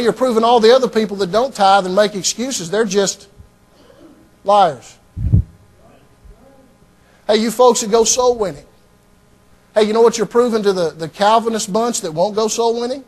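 A man preaching a sermon as pastor, emphatic and repetitive, often starting lines with "hey" and "see". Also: high-pitched.

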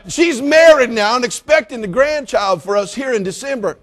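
A middle-aged man preaching at a church service, teasing the congregation with jokes and rising to loud exclamations. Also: extremely high pitch, moderate pace, hardly any pauses. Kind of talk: sermon with humorous asides.

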